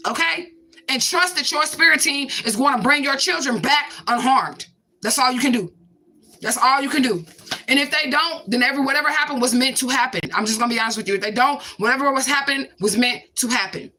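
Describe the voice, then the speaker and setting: A woman's voice: high-pitched, a little fast, sharp tone, a little hiss or hum. A woman giving a casual spiritual reading in a blunt, profane, emphatic way, repeating catchphrases for emphasis. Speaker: spiritual card reader.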